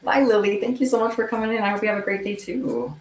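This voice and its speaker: Speaking in a mid-range voice, she's animated and quick as she chats casually on a livestream while making kandi bracelets at home. She meows at her cat between remarks. The recording is in an echoey room with faint ambience.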